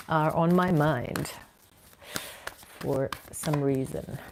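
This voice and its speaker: A woman giving a casual tarot reading from indoors at home, musing and unhurried, with frequent ums and soft laughs. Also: deep voice, lively intonation, a little hiss or hum, poor audio. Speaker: tarot reader.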